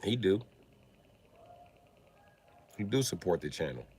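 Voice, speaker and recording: A man's voice: deep voice, sing-song, slow pace, a little mellow, slightly rough. A man ranting casually on a livestream, with profane, slangy, streetwise storytelling.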